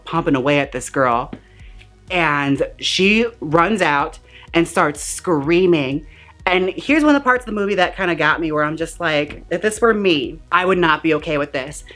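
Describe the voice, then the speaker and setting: A woman with a low voice recaps a movie in a campy, sassy way. Her talk is full of slang, and she jumps into the characters' lines as she tells the story. Faint music plays underneath. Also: a bit bright. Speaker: movie reviewer.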